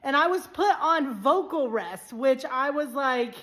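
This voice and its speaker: A woman's voice: high-pitched, expressive, a bit bright. A woman talking in an effusive, rambling way in a casual social media video. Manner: effusive, rambling, talks fast.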